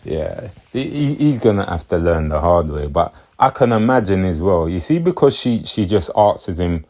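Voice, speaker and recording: A man talking in a very low, deep voice. His casual monologue rambles and loops back on itself. He keeps asking whether the listener gets what he means. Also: very animated, moderate pace, few pauses, a little mellow. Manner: rambling, repeats himself, keeps checking "you get me". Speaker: commentator.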